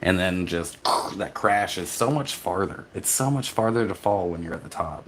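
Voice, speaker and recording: A man from Texas, a vlogger, reading his chat aloud and answering in a rambling, halting way, tired from poor sleep. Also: low voice, lively intonation, a little hiss or hum. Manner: rambling, halting, with restarts and laughs. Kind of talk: casual live-stream chat.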